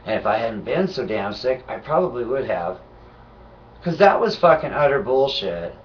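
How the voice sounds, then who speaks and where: A sick, nauseated man in an angry, profane vlog rant, swinging from low muttering to shouting. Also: sing-song, moderate pace, recorded from a distance, lo-fi sound, a little hiss or hum. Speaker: vlogger.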